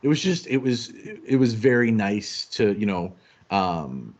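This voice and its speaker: A man co-hosting a casual chat show, telling travel stories in an animated, self-deprecating way. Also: on the low side, unhurried. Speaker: podcast co-host.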